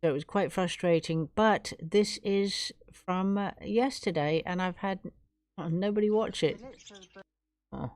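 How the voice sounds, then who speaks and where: A woman's voice: lowish voice, measured pace, a little mellow, no room sound. A woman from England hosting her own live stream, chatting casually and gushing her thanks to viewers.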